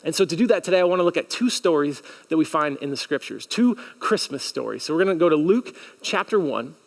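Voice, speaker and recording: A man's voice: a little high, quick pace, creaky. A man preaching a sermon as pastor, talking in a conversational, earnest way and acting out the questions his listeners might ask. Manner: animated, with audience call-and-response. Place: church sanctuary.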